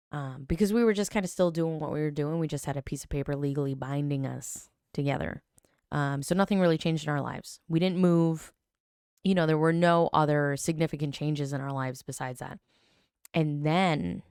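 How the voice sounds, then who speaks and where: A woman in her thirties hosting a podcast, telling a personal story in a chatty, animated way with many fillers and self-corrections. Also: low-pitched, vocal fry, smooth, no room sound, studio quality. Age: 30s. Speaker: podcast host. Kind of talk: casual storytelling.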